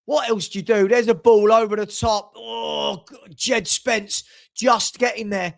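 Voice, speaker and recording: An older man hosting a live football watchalong, exasperated and sarcastic, breaking into shouts. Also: high-pitched, fairly even intonation, a little slow, gravelly. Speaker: fan watchalong host.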